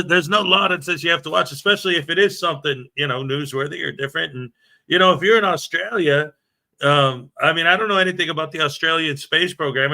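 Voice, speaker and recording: A man's voice: a little high, bright, forceful tone. A man hosting a casual morning livestream, chatting and laughing as he greets viewers and reads their comments aloud. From United States. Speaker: livestream host. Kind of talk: casual live-stream chat.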